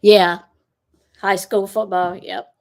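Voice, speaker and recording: A woman's voice: mid-range voice, flat delivery, takes it slowly. A middle-aged woman, chatting casually with her livestream viewers, frank and blunt, laughing often. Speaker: tarot livestream host.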